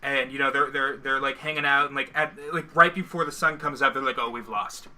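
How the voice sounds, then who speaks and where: Sharing one microphone with another host, a man co-hosts a casual livestream, chatting while they paint miniatures. He rambles, jokes and trails off mid-thought, his mid-range voice brisk, bright and forceful with little change in pitch.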